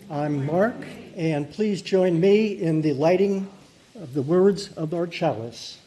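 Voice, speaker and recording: A man in his seventies lighting the chalice at a service, then sharing relaxed, rambling remarks with many ums and uhs. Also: a little high, slow, a little hiss or hum. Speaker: lay leader lighting the chalice. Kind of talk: casual spoken remarks at a service.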